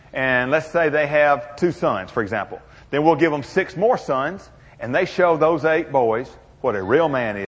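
A man's voice: on the high side, husky, dull audio. Folksy older man in an echoey hall. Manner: folksy, humorous, drawling storyteller. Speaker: motivational speaker. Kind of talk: storytelling speech to an audience.

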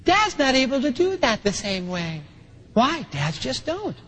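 Middle-aged male preacher, animated delivery, bright and sharp tone. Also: very high voice, a little slow, breathy edge, low-quality recording. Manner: animated preaching, acts out quoted voices. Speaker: pastor. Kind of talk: sermon.

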